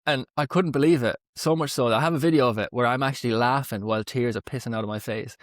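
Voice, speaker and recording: Fast-talking man, dry close sound. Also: medium pitch, dry recording. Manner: open, heartfelt storytelling with swearing. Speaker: podcast host. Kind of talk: emotional podcast conversation.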